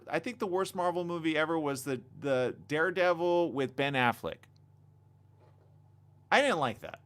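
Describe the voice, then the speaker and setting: A man hosting a casual live stream on a desk mic, reading viewer comments and chatting excitably. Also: on the high side, moderate pace, pauses often. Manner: animated, excitable, reads viewer comments aloud. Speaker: livestream host. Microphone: desk condenser mic.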